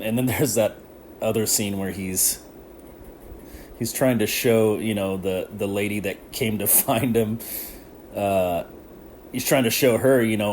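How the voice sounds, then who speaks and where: A man's voice: medium pitch, darkish tone, a little hiss or hum. A man hosting a casual solo podcast, rambling and laughing often as he talks with lots of slang. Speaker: podcast host.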